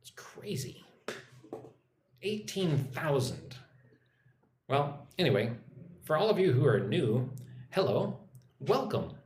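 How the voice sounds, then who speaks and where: A young American man teaching English on a live stream, chatting with viewers and repeating phrases slowly for practice. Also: fairly high pitch, very animated, darkish tone. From United States. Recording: echoey room with faint noise.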